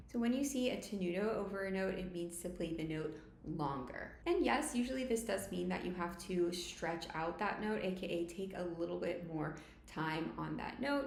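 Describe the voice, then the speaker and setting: A woman teaching violin, explaining each technique clearly and step by step. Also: lowish voice, a little mellow, echoey room, slight background noise. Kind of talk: instructional tutorial.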